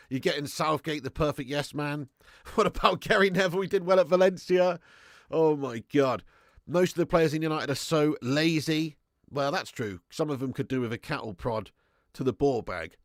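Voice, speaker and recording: A man's voice: no echo, clean studio sound. Chatty man hosting a football livestream. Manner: chatty, laughs often, swings from loud shout-outs to low mutters. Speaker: football channel host on livestream. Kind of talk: casual live-stream chat reading comments.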